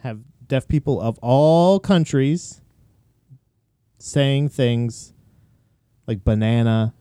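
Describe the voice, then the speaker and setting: A man's voice: mid-range voice, extremely slow, warm tone, smooth, no echo. A young man co-hosting a casual chat while reacting to videos, rambling and crude with many restarts.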